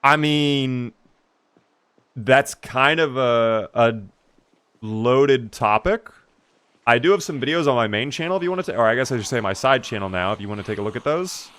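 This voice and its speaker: Male streamer, mid-pitched, laid-back gaming chatter with sudden excited upswings. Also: moderate pace, clean tone, no room sound. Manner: chatty, relaxed, reads and answers chat. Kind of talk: casual live-stream gaming commentary.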